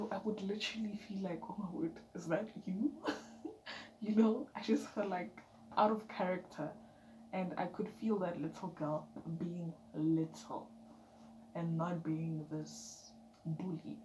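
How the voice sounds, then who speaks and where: A woman giving an emphatic, chatty motivational vlog talk, dropping now and then into soft whispered asides. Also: on the low side, fairly even intonation, slow. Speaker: vlogger. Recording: echoey room with background noise.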